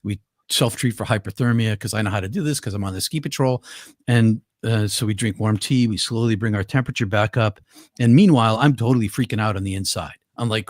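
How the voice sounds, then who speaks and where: A man's voice: lowish voice, fairly quick, dry recording, studio quality. An older man, a guest, earnestly telling a personal story with vivid detail and frequent restarts. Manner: earnest, vivid, with many restarts and repeated words.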